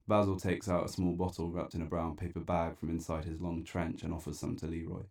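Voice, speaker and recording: Deep-voiced man narrating a wry spoken-word tale. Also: level tone, a little fast, a little mellow. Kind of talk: dramatic spoken-word storytelling.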